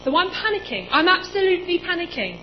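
A woman in her twenties preaching in a church, telling a personal story in a chatty, animated way with lots of quoted dialogue. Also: extremely high pitch, fast, highs cut off, slight background noise. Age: 20s.

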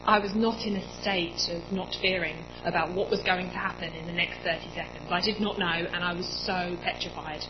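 A woman in her twenties preaching in a church, telling a personal story in a chatty, animated way with lots of quoted dialogue. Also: lowish voice, a little fast, hardly any pauses, lo-fi sound, noisy background. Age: 20s.

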